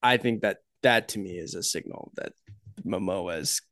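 A man's voice: sits low, fairly bright tone, no echo, clean studio sound. A man co-hosting a podcast, casually summarizing a movie's ending and reading out a review. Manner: measured, summarizing plot and reading quotes. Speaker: podcast co-host.

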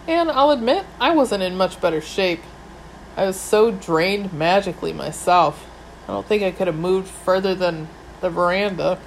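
Woman for first-person audiobook, wry delivery, lowish voice, faint hum in the background. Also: rough recording. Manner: wry, dry humour. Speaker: audiobook narrator.

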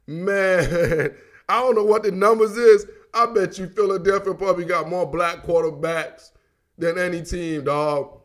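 A man from Africa hosts a casual football talk show with a notably high voice. His talk rambles and is laced with slang, with "dog" and "man" at the end of nearly every line and laughs slipped in mid-sentence. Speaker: sports talk show host. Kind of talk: casual sports commentary monologue.

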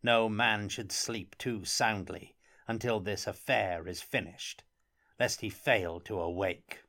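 Man reading a gruff, suspicious court minister. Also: fairly low pitch, slow, bright, forceful tone, exaggerated voice. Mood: stern. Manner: gruff, ungracious, stern. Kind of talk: audiobook character reading.

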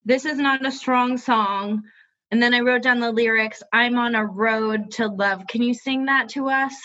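A woman's voice: fairly high pitch, fairly even intonation, unhurried, pushed and bright, highs cut off. A woman co-hosting a podcast in casual chat, opinionated and emphatic, now and then swearing. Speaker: podcast co-host.

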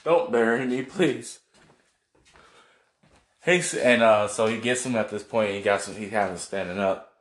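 A man's voice: lowish voice, steady tone, fairly quick, a bit bright, reverberant. A man casually recapping a wrestling show on video, rambling, laughing and swearing as he goes. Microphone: camera mic, seen on video.

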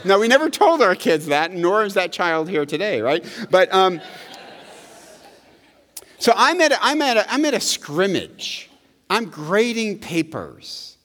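Male pastor, middle-aged, lively rising and falling delivery, slightly high voice, long hall reverb. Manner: animated, conversational preaching with frequent "right?". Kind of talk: sermon. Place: church sanctuary.

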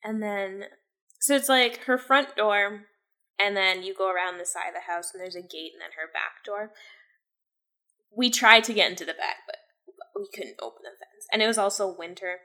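Bright-voiced woman telling a rambling story. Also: medium pitch, normal speed. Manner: rambling storyteller, heavy use of "like". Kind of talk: casual chat.

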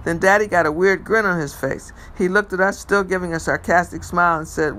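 A man reading a first-person novel aloud in a measured storytelling manner, with occasional stumbles over words. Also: high voice, steady tone, pushed and bright, poor audio. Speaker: reader.

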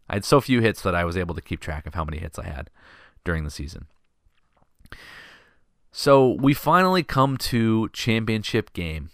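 A man hosting a podcast, telling a story in a casual, animated, self-deprecating way. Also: fairly low pitch, no echo, clean studio sound. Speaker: podcast host.

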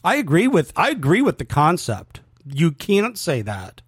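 Male co-host, devil's advocate, animated and a bit high, dry. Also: normal speed, breathy edge, dry recording. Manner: argumentative, playing devil's advocate. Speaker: sports talk co-host. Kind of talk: sports talk debate.

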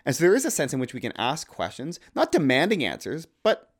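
A man's voice: a little high, wildly swooping pitch, fairly quick. A man in his thirties, a podcast co-host, talking through theology in an earnest, thoughtful way and quoting Scripture aloud. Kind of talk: casual theological discussion.

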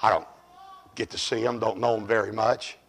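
An older man preaching a fiery revival sermon, shouting high and then dropping to low murmurs. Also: fairly even intonation, moderate pace, vocal fry.

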